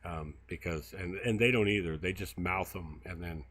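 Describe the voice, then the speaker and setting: A man's voice: sits low, moderate pace, fairly bright tone, breathy edge. A man hosting a casual outdoor livestream, telling stories in a rambling way with lots of fillers while he walks through brushy woods by a river. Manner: rambling storyteller, many fillers. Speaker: field researcher and livestream host. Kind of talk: casual walk-and-talk livestream.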